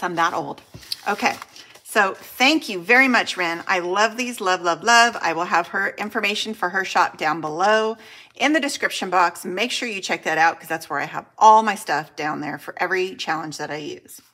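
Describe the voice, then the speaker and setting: A middle-aged woman with a raspy voice, gushing and laughing as she unboxes mail for her budgeting channel. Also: lowish voice, a little hiss or hum. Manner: gushing and excitable, laughs often. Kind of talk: casual unboxing chat to camera.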